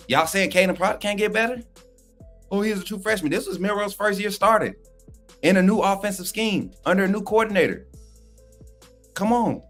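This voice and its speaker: A man's voice: a little high, a bit bright. A man co-hosting a livestream, talking sports in a fired-up, slangy, trash-talking way while reading chat. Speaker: livestream co-host. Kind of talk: casual fired-up sports talk.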